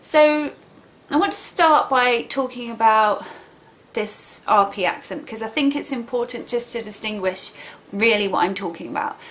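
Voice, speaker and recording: A woman's voice: fairly high pitch, normal speed, a bit bright. Earnest woman teacher. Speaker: English teacher. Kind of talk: direct-to-camera explanation.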